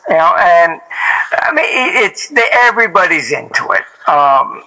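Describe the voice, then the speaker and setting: Bright-voiced older man telling rambling stories. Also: high voice, big pitch swings, normal speed, poor audio. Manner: rambling, many fillers and restarts. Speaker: interview guest, former hedge fund manager. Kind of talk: casual anecdotal storytelling.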